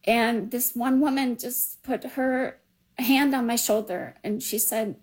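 A woman in her fifties telling a personal story in a quiet, emotional, reflective way. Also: fairly high pitch, slow, rough recording. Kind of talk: personal recollection.

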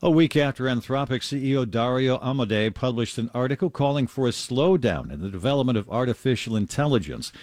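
A man reads a radio news bulletin with lively, emphatic pitch movement. The sound is dry and close, without room echo. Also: fairly quick, few pauses. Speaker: newscaster.

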